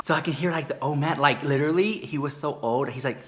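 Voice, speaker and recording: A man telling a gossipy story in a campy, sassy manner, calling the listener "girl" and jumping into high squeals and whispers. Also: fairly quick, few pauses, a bit bright, slight background noise. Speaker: comedic storyteller.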